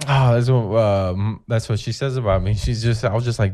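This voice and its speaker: Man in his forties, comic guest, low voice, dry close mic, swears a lot and rambles. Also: normal speed, few pauses, no room sound. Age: 40s. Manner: profane, rambling, animated storytelling. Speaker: comedian guest. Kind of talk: casual podcast chat.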